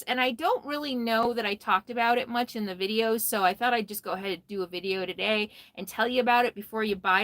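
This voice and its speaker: A woman's voice: fairly high pitch, a bit bright, dry recording. A tired woman hosting a casual RV livestream from her phone, chatty, greeting viewers by name and laughing often. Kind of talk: casual live stream chat. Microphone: phone held close.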